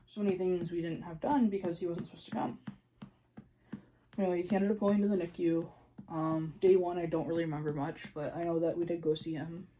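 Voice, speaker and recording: A young woman with a mellow, warm voice tells a personal story casually. She talks in a chatty way, with lots of fillers, and acts out what she said in the moment. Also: lowish voice, little pitch movement, a little fast, slight background noise, low-quality recording. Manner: chatty, lots of "like", re-enacts her own panicked lines. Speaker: new mother telling her birth story.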